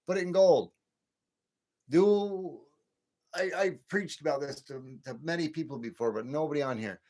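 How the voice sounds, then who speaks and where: A man's voice: medium pitch, sing-song, moderate pace, darkish tone. A man in his late fifties hosting a late-night livestream, ranting and rambling with many repeats and restarts. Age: 50s. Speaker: livestream host.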